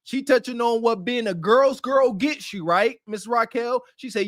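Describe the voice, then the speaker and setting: A man co-hosting a podcast, reacting to clips with animated, slangy hype. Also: very high-pitched, measured pace, hardly any pauses, dry recording, studio quality. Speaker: podcast co-host. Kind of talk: casual podcast commentary.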